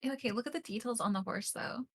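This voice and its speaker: A woman's voice: a little high, fast, breathy edge. A woman co-hosting a stream, chatting casually in a laid-back, amused way. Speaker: stream co-host.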